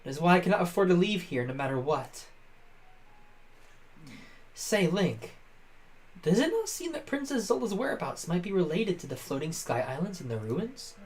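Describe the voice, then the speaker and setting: A man's voice: sits high, huge pitch swings, normal speed, pauses often, pitched above the performer's own voice. A man voicing a noble young male fish-folk prince from a game, reading the lines formally and politely. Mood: earnest. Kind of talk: reading game dialogue aloud.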